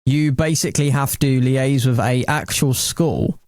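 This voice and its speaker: A man's voice: medium pitch, fairly even intonation, measured pace, a little mellow, no echo. A young man chatting casually on a podcast with a dry, self-mocking humor. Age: young adult. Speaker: radio station colleague. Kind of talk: casual chat.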